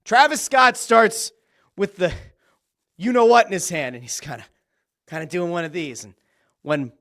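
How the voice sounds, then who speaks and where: A man hosting a solo wrestling podcast, telling the story with excitement and casual swearing. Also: high-pitched, normal speed. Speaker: podcast host.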